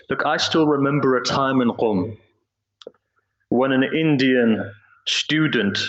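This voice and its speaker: A man reciting a slow, grieving Muharram sermon in a mosque, telling a story with quoted speech. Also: medium pitch, a bit bright. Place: mosque hall. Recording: roomy, dull hall recording.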